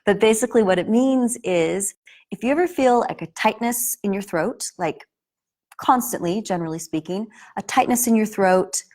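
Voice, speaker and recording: A woman's voice: medium pitch, moderate pace, darkish tone. A woman acting teacher giving a casual spoken lesson to camera, earnest and explanatory, often restarting her sentences.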